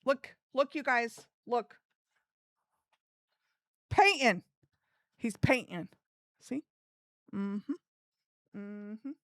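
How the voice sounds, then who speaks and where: A woman live streamer chatting casually with her viewers in an animated, giggly way. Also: a little high, drawn-out words, pauses often, dry recording, studio quality.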